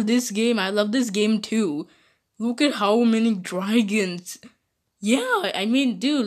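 Female voice, slow-paced, giggly, playful character banter during gameplay. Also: medium pitch, fairly bright tone. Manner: giggly, bickering, slow-spoken. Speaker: game video maker voicing her characters. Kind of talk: playful role-play over gameplay.

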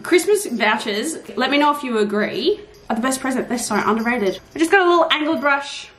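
A woman's voice: sits high, lively intonation, brisk, a bit bright, slight background noise. Chatty Australian woman in an echoey room. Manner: chatty, rambling, jokey and casually profane. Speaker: vlogger. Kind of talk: casual day-in-the-life vlogging. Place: home, indoors.

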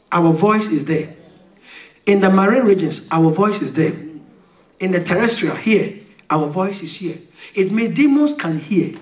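A man preaching a fiery sermon as pastor, shouting and calling for responses from the congregation. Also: sits high, far from the mic. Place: church. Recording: echoey church hall, mic from afar, congregation.

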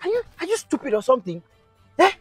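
A man's voice: very high-pitched, huge pitch swings, fast talker, faint music behind, exaggerated voice. A man playing a frantic cheating husband. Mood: frantic angry. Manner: frantic, shouting, exclamatory. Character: panicked cheating husband who lost his car. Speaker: actor in a comedy skit. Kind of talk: skit acting.

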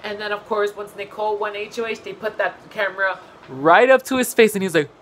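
A young woman vlogger recapping a reality show in a casual, gossipy way, blunt and full of swearing and animated asides. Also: mid-range voice, fairly quick, slight background noise, poor audio.

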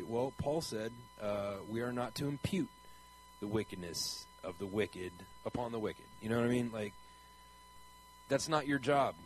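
A man's voice: medium pitch, lively intonation, moderate pace, soft background music, low-quality recording. A man speaking in a conversational preaching style, earnest and rambling, asking his listeners pointed questions. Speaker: traveling Christian preacher.

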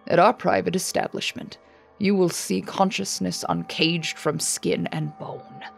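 A woman voicing a dead male museum tour guide who speaks slowly and formally, in a hushed tone over an intercom. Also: fairly low pitch, fairly even intonation, vocal fry, husky, soft background music, heavily acted. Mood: eerie.

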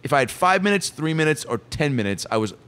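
A comedian guest telling a story in casual chat, lively and animated, swearing freely. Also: male voice, on the high side, fast talker, clean tone.

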